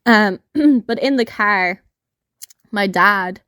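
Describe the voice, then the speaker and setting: A young woman hosts a casual podcast, spinning a story with plenty of swearing and laughter. Her voice sits at a middling pitch, and the sound is close and dry, with no room around it. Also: extremely slow, bright, forceful tone, smooth, no room sound. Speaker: podcast host.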